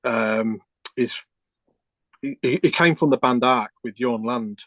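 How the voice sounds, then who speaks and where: A man's voice: medium pitch, takes it slowly, a bit bright, dry recording. A middle-aged man, a keyboard player, telling a rambling story with restarts and quoted dialogue in a casual interview.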